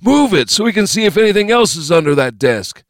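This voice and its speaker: A man voicing a crude, loud male thug with a coarse drawl. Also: high voice, big pitch swings, a little fast, no echo, clean studio sound, voice pushed up.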